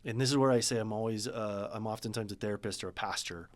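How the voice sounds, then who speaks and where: A man speaking as a business coach guest in a podcast interview, earnest and animated when telling a story. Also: fairly low pitch, fast talker. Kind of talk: casual interview talk.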